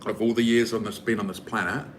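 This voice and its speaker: A man's voice: fairly low pitch, fairly even intonation, quick pace, slight background noise. A man with a New Zealand accent chatting casually and rambling with lots of fillers while he cooks for his vlog. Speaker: vlogger. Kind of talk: casual chat while cooking.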